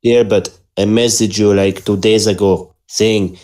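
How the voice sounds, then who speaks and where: A Scottish man, a podcast regular making a cameo, drops into an online voice call while tipsy. His voice sits on the low side, level, a little slow and darkish in tone. He banters playfully in a mock-formal way, calling others dear.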